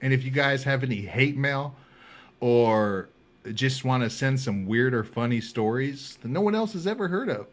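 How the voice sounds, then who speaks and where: A man hosting a podcast, telling stories in a casual, animated way and laughing often. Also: medium pitch, moderate pace. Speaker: podcast host. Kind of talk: casual storytelling.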